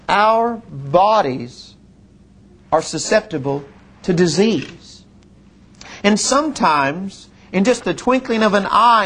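Preaching a sermon, a middle-aged man who is a pastor shares a personal story with earnest feeling, his delivery slowing and sinking lower whenever a line turns solemn.

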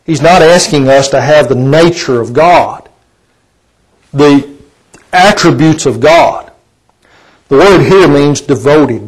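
A man's voice: on the high side, husky, rough recording. A man preaching a sermon in a conversational, folksy way, often asking his listeners rhetorical questions. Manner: asks the congregation rhetorical questions.

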